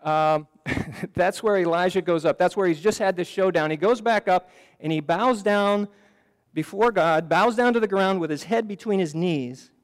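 In a church sanctuary full of lingering reverb, a pastor preaches a sermon to the congregation. His fairly high voice moves at an ordinary pace, earnest yet conversational, and he often starts his phrases over.

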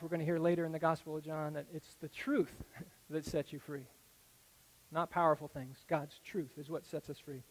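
A man preaching a sermon that explains a Bible passage, earnest and explanatory, often dropping to a soft, low tone. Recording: echoey hall with long reverb.

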